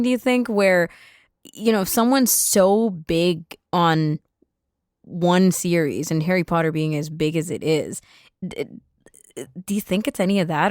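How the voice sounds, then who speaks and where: A woman's voice: fairly low pitch, darkish tone, dry recording, clean studio sound. A woman co-hosting a podcast, asking curious questions with enthusiasm in casual chat. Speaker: podcast co-host.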